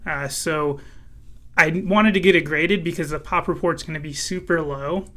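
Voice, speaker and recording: Bright-voiced man talking casually on his channel. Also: on the high side, normal speed. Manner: casual, many fillers. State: losing his voice, clearing throat. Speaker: card collecting channel host. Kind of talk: casual vlog commentary.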